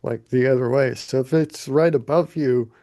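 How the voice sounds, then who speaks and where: A man's voice: medium pitch, steady tone, normal speed, warm tone, dry recording. A man co-hosting a casual live podcast chat, explaining things in a thoughtful way.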